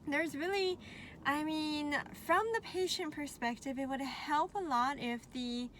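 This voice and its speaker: A high-pitched woman talks casually to her viewers in a chatty, animated way. She laughs often and sounds a little out of breath, with faint noise in the background. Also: a little slow. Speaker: vlogger. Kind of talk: casual talk to camera.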